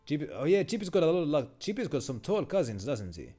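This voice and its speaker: A rambling, chatty male streamer talks over his game with a mellow, warm tone. His pitch swings about animatedly as he muses, and faint music plays behind him. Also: sing-song, fast talker. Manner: rambling, chatty, many fillers. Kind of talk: casual game commentary.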